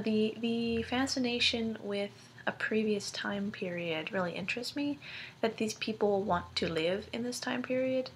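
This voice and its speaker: Her voice medium in pitch, a young woman chats to friends in a casual video letter, full of ums and likes and giggles between thoughts. Slight background noise can be heard.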